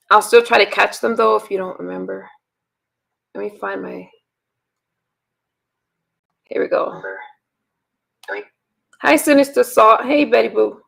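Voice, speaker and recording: A woman in her thirties, hoarse and raspy, chatting casually with her livestream viewers and rambling with sighs and fillers. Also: mid-range voice, unhurried, long pauses. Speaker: livestream host.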